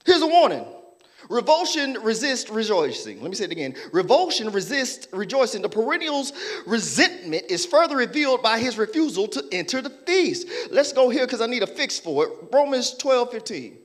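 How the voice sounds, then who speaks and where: A man preaching a sermon as pastor, playful and animated, acting out people's voices and laughing with the congregation. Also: very high-pitched, normal speed.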